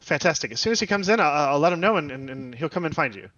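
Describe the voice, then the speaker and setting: A man narrating as game master of a tabletop game, halting with many fillers and restarts. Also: a little high, expressive, fairly bright tone, no echo, muffled recording.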